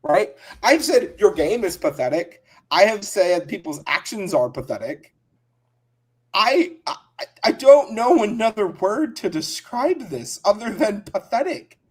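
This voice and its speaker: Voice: mid-range voice, sing-song, a little slow, husky. A podcast co-host in casual chat, emphatic and repeating key words for stress.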